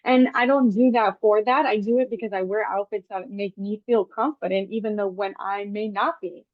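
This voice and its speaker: A woman hosting a podcast, chatting casually and telling lively stories with animated quoted asides. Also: mid-range voice, moderate pace, dry recording. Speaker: podcast host. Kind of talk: casual interview chat. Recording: dull, dry lo-fi podcast audio.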